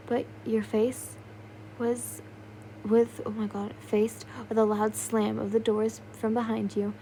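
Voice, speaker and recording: A woman's voice: a little high, mellow, slight background noise, rough recording. A young woman narrating a fan fiction story in a loose, unpolished way, with yawns, slips and little asides. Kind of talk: casual fan fiction reading.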